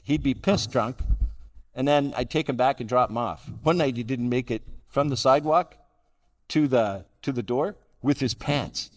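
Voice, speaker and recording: A man's voice: mid-range voice, normal speed. An older man giving a personal recovery talk to a meeting, blunt and dryly self-mocking. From Canada. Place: large convention hall. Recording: hall reverb from a live talk.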